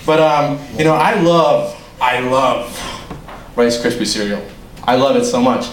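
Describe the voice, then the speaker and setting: A young amateur stand-up comic with a medium-pitched, steady voice rambles through his set at a measured pace, swearing and laughing at his own jokes. He performs for an audience in a small room, captured with an echoey sound, faint ambience and slight background noise.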